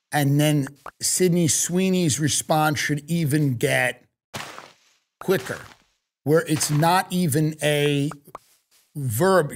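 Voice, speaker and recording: A man's voice: fairly high pitch, slow pace, a little hiss or hum. A man hosting a comedy podcast, delivering a rambling, absurd and profane monologue.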